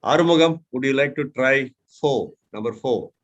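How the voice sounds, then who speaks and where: A man's voice: mid-range voice, normal speed, lo-fi sound. A man with an Indian English accent mentoring a speaking class over a video call, patiently showing tones by example. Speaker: speech mentor. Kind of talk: online mentoring session.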